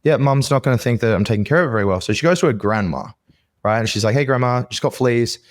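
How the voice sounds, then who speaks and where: Rambling man, low voice. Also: expressive, rapid-fire. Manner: rambling, filler-heavy storytelling. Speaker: podcast co-host. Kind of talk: casual chat.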